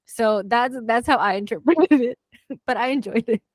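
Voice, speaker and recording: Young woman rambling about a book, lots of laughing, kinda high voice, dry sound. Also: normal speed, dry recording. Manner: expressive, laughing, rambling storyteller. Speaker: book club co-host. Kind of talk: casual chat.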